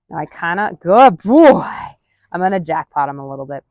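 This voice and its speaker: A woman dog trainer narrating a training session, murmuring quiet asides and counts, then calling out loud, high-pitched praise to her dog. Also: big pitch swings, moderate pace, no room sound. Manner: counts softly under her breath. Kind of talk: live commentary during a dog training session.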